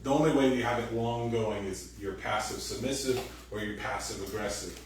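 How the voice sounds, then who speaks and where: A male pastor delivering a casual, animated sermon, jumping into loud acted-out voices. He sounds far from the mic in a hugely reverberant church hall. A faint hum of noise sits under him. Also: on the low side, moderate pace. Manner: animated, acts out quoted voices loudly. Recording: very echoey room, distant mic, faint noise.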